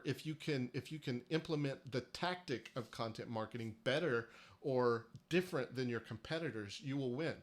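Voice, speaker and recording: A man's voice: medium pitch, a bit bright. A man hosting a live-streamed marketing workshop, talking emphatically and persuasively, with frequent restarts. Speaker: host of a marketing workshop livestream.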